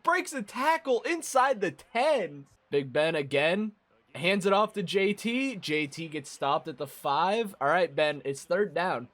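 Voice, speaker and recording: A young man with a raspy voice from a cold, commentating a football video game and yelling at big plays. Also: fairly high pitch. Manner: excitable, yells at big plays. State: hoarse from a cold. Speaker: gaming commentator.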